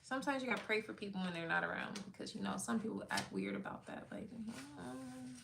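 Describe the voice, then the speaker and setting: A woman's voice: fairly high pitch, sing-song, brisk, creaky, noisy background. A woman livestream host in casual faith chat, talking loosely and candidly, full of "like" and the odd swear word. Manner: laughs often between thoughts.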